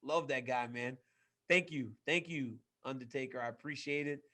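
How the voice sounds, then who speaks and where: A man's voice: mid-range voice, moderate pace, pushed and bright. A man co-hosting a casual sports podcast, enthusiastic and repeating phrases for emphasis. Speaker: podcast co-host.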